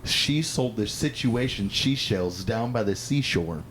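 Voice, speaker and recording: A man's voice: fairly low pitch, expressive, a little slow, a bit bright, slight background noise, low-quality recording. A man co-hosting a comedy podcast, riffing playfully and stumbling through tongue twisters. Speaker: podcast co-host. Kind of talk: casual comedy banter.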